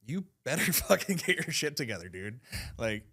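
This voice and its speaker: A man chatting casually on a podcast, animated and swearing, jumping into loud high laughing shouts. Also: moderate pace.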